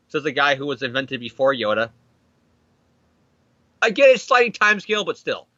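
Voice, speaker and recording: A man co-hosting a casual comic book chat, excitedly acting out characters as he recaps the story. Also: mid-range voice, normal speed, pauses often, no echo, lo-fi sound. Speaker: podcast co-host.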